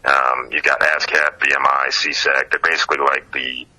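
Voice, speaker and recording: A man with an extremely deep voice and a very bright, forceful tone tells a story as a guest in a casual interview. He is a singer-songwriter from Ohio, and he is animated, chuckling as he goes and leaning on many fillers. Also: normal speed, rough recording.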